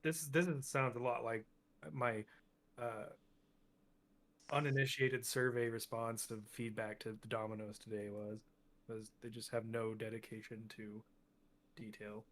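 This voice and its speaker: A man's voice: medium pitch, flat delivery, fairly bright tone. A young man co-hosting a casual podcast chat, ranting with exasperation and speeding up as he gets heated. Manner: ranting, exasperated, fast bursts when heated. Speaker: podcast co-host.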